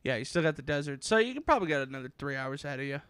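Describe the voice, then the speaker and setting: A young man co-hosting a casual gaming podcast, animated and swearing freely, now and then slipping into put-on voices. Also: on the high side, very fast, clean tone, no echo. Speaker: podcast co-host. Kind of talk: casual chat.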